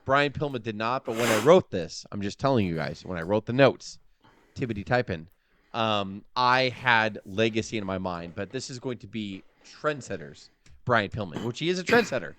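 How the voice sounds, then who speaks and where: Excitable guy on a wrestling podcast, swears constantly, voice jumps around, dry close mic. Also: fairly low pitch, moderate pace, no echo. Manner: excitable, swears a lot, bursts into loud rants. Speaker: podcast co-host who wrote the segment. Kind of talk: casual podcast chat.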